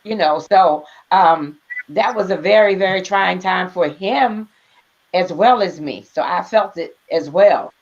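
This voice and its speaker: A woman's voice: fairly low pitch, a little slow. Earnest woman guest, dull lo-fi sound. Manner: earnest and emotional, laughs between phrases. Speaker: guest author. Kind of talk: conversational interview.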